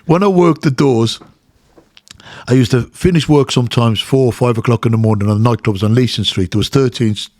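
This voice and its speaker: Dublin Irish man telling lively stories. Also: mid-range voice, fairly quick, dry recording, studio quality. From Ireland. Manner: animated, acts out quotes. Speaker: guest, former boxer. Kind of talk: casual storytelling.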